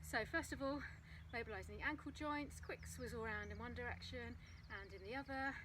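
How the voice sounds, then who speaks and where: A woman recording a casual fitness vlog outdoors on her phone, chatting practically while she demonstrates a running warm-up. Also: fairly high pitch, brisk, background noise. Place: outdoors on a path. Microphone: phone propped on a ledge.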